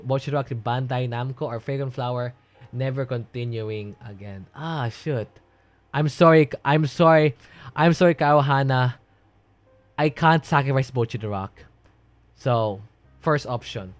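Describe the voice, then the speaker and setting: A man's voice: medium pitch, no echo. A young man chatting casually on a livestream, reading and answering chat in a rambling way and laughing often. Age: young adult.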